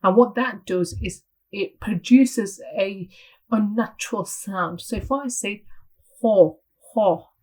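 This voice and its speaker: A woman's voice: medium pitch, slow, slightly rough, rough recording. A woman teaching pronunciation to teachers, explaining patiently and sounding out example syllables. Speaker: Tajweed teacher trainer. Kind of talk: instructional lesson.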